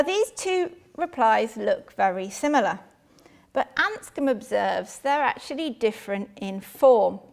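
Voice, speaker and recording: A woman giving a measured academic philosophy lecture in a lecture hall. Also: on the high side, creaky. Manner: measured, reads out quotations.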